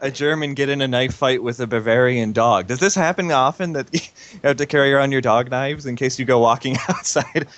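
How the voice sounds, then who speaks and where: A man's voice: medium pitch, a little fast, fairly bright tone. A man from the United States chatting casually on a stream, teasing in a dry, mock-solemn way. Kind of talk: casual chat.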